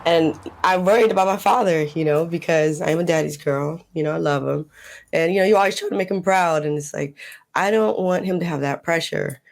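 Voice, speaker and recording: A woman speaking as a guest in a casual podcast conversation, reflective and slow, laughing often as she talks. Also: fairly low pitch, gravelly, darkish tone. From United States. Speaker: guest, holistic healer.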